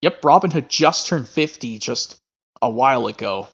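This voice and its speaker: A man chats casually on an online stream about the films he collects, rambling and tossing in quick asides. His pitch moves a lot, and the lo-fi audio sounds dull. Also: lively intonation, slightly rough. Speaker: stream host.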